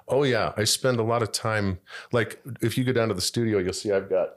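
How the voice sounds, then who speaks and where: A man's voice: lowish voice, a little fast. An older man, a voice actor guest on a podcast, talking casually with stammered restarts and joking asides.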